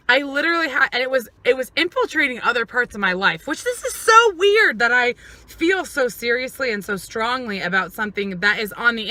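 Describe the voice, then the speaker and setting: A woman's voice: medium pitch, bright, forceful tone, no room sound. A woman vlogger talking casually and emotionally to camera, acting out what others said. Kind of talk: casual vlog monologue.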